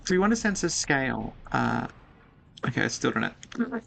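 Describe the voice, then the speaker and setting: A woman's voice: extremely low pitch, big pitch swings, moderate pace, creaky, a bit bright, slight background noise. A woman streaming a game, chatting casually and thinking aloud as she plays. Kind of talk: casual gameplay commentary.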